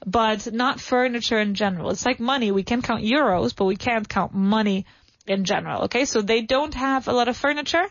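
A woman's voice: on the high side, no room sound. Encouraging woman drilling an English class. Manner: encouraging, repeats answers, slow clear model words. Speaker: English teacher. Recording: dull lo-fi dry recording.

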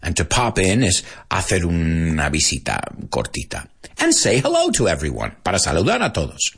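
A man with a low, husky voice runs an English lesson, explaining each new word in Spanish as well. His delivery is highly animated, and his pitch leaps up and down as he goes. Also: brisk. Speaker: English teacher. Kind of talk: bilingual language lesson.

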